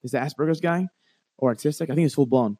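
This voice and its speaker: A young man, a comedian, chatting casually and telling stories with lively acted-out voices. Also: on the high side, quick pace, breathy edge, no room sound, clean studio sound. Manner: animated storytelling, acts out other voices. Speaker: comedian guest. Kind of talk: casual podcast chat.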